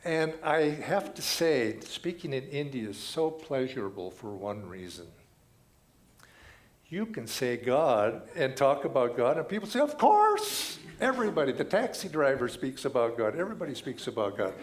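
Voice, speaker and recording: An older man giving a sermon as a guest speaker in a church, telling stories with animated emphasis. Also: medium pitch, moderate pace. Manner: animated storytelling, rising and falling emphasis. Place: church sanctuary.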